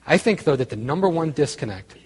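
Man, pastor, husky voice, long hall reverb, chatty sermon, lots of restarts. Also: fairly high pitch, expressive, brisk. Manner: conversational, self-interrupting, grows quiet and earnest. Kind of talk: sermon with storytelling.

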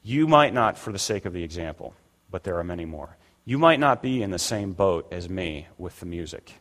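A man's voice: low-pitched, animated, normal speed, a bit bright. An older man preaching a conversational sermon as pastor, acting out the voices he quotes. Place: church sanctuary. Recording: long reverb of a church hall.

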